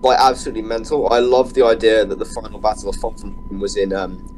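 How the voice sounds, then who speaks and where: A man's voice: on the low side, little pitch movement, quick pace, a little mellow, faint music behind, rough recording. A fifteen-year-old boy from England, chatting eagerly as a podcast guest, giggling often. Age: teens. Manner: eager, giggly, fillers and restarts. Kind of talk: casual podcast chat.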